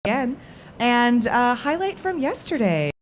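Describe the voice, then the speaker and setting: Lively upbeat woman hosting a chat. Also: fairly high pitch, measured pace, slight background noise. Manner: upbeat, playful, laughing often. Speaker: host. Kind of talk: live panel chat at a trade show. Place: trade show lounge studio.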